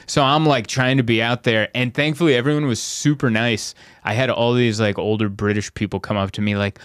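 A comedian telling stories in a casual podcast chat, animated and often laughing as he mimics people. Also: mid-range voice, fairly quick, few pauses, clear, resonant tone, no echo, clean studio sound.

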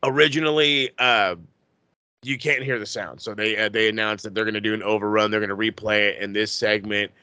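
A man's voice: lowish voice, fairly even intonation, brisk, pushed and bright, clear, resonant tone, no echo. A man hosting a casual wrestling podcast, ranting in a fired-up way and swearing constantly. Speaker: podcast host.

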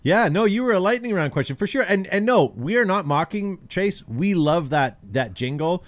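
Lively, friendly man hosting a chat show. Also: high voice, normal speed, dry recording. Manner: friendly, laughing, welcomes callers. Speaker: host.

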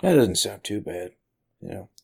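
Man, casual chat, short reactions, gravelly, husky. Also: lowish voice, big pitch swings, moderate pace. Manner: short reactions and questions, laughs along.

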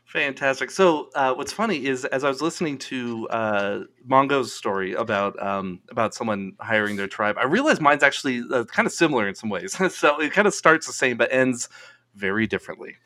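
Male podcast guest, casual storyteller, profane and quick to laugh. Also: medium pitch. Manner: laughing, swearing, animated storyteller.

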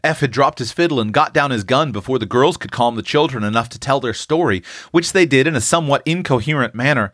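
A man reading a classic short story aloud, giving the characters' excited lines a raised, animated voice. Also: medium pitch, fairly quick, no room sound, clean studio sound. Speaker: audiobook narrator.

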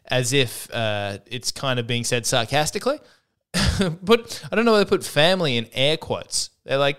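A man talks alone into his home podcast microphone, wandering from thought to thought with wry asides and many restarts. His voice is smooth and clear at an ordinary middle pitch. He keeps an easy, chatty comic tone. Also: lively intonation, normal speed, fairly bright tone. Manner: rambling, self-interrupting, wry asides. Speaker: podcast host. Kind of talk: solo comedic podcast monologue.

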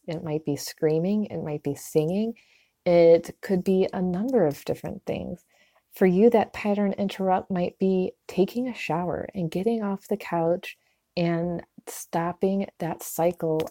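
Warm-voiced woman wellness coach. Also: fairly low pitch, no echo, clean studio sound. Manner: earnest, acts out quoted inner voices. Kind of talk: motivational talk to listeners.

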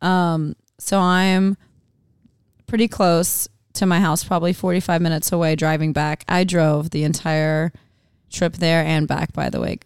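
A woman's voice: low voice, flat delivery, unhurried, smooth, dry recording. A woman in casual podcast chat, telling a story with many "like"s, on a close mic.

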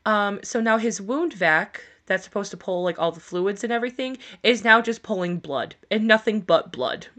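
A woman's voice: mid-range voice, expressive, moderate pace, few pauses, fairly bright tone. Podcast co-host, woman, candid and foul-mouthed storyteller, casual delivery. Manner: candid, swears freely, laughs through her story.

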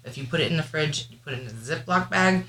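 Animated bright-voiced woman telling stories. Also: low-pitched, fast talker. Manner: animated, laughing, acts out voices. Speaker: guest mom. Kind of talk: casual podcast storytelling. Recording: echoey room, faint hiss.

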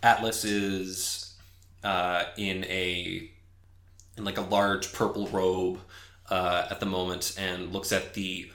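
A man narrating as game master of a tabletop role-playing game, halting with many fillers. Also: deep voice, flat delivery, a bit bright, reverberant.

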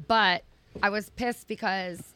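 A woman's voice: mid-range voice, takes it slowly, a little hiss or hum. A woman, chatting casually as a podcast guest and acting out stories with quoted voices. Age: 30s. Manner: animated storyteller, acts out quotes. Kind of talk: casual chat.

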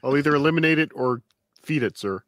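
A man's voice: on the high side, animated, quick pace, a bit bright, dry recording, clean studio sound, pitched below the performer's own voice. A man voicing a servile male servant who ends every line with "sir". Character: fawning male servant, deferential and low.

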